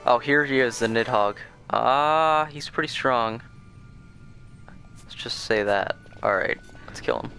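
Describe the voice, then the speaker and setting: A man's voice: medium pitch, measured pace, gravelly, sharp tone. A young man hosting a let's play, giving casual, rambling commentary with lots of fillers and restarts as he plays. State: sleepy, yawning. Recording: faint game music behind.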